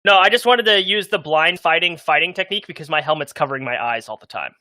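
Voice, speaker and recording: A man's voice: on the high side, fast, sharp tone, dry recording. A man playing a tabletop game, chatting casually and asking hesitant questions with a joking tone. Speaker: player. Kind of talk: casual chat at a gaming table.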